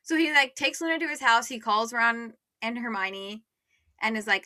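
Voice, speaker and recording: Bright high-voiced chatty young woman. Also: brisk, no echo, studio quality. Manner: chatty, says "like" a lot, acts out characters' lines. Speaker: podcast co-host. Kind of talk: casual podcast chat, retelling a fan fiction story.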